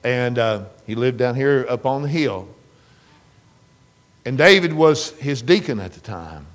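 A man's voice: medium pitch, lively intonation, a little slow. Rambling man telling family stories. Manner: rambling, folksy, restarts and trails off. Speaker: family member telling a story. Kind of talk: casual family storytelling.

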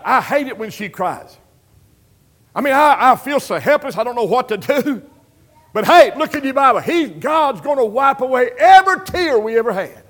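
Preacher man, high pitched, goes quiet then shouts it out, middle aged. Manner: swings between hushed storytelling and loud exclamations. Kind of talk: sermon.

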